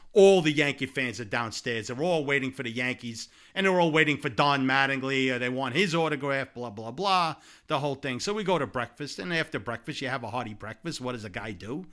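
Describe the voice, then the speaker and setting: A man telling a long, lively personal anecdote in casual conversation, laughing along as he goes. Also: on the high side. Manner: animated anecdote-telling with laughs and repeated "blah, blah". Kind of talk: casual storytelling chat.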